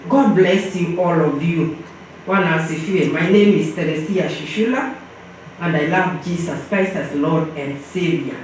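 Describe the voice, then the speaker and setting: A woman's voice: fairly low pitch, slight background noise. An older woman giving an impassioned memorial exhortation, switching between English and Swahili. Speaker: memorial speaker. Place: church hall. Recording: echoey hall, far from the mic.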